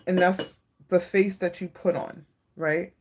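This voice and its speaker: A woman giving a live-stream tarot reading, soft-spoken and emotional, often checking in with her viewers. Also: lowish voice, little pitch movement, takes it slowly, slight background noise. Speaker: tarot reader.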